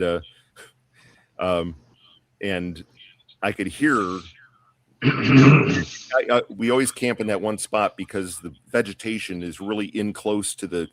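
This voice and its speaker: Low-voiced man telling a rambling story. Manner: rambling, many fillers and restarts. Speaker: guest. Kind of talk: casual storytelling on a podcast panel.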